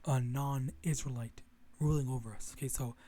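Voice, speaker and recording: A man's voice: mid-range voice, fairly even intonation, moderate pace, warm tone. A young man talking casually to his viewers in a rambling way, with many restarts and some swearing. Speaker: religious vlogger. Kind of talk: casual monologue to camera.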